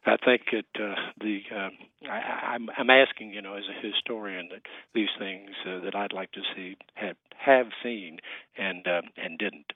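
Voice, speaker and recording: A man's voice: fairly low pitch, no room sound. An older man, a historian, speaking as a guest on a radio interview, hesitant with many fillers and restarts. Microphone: phone. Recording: tinny phone line.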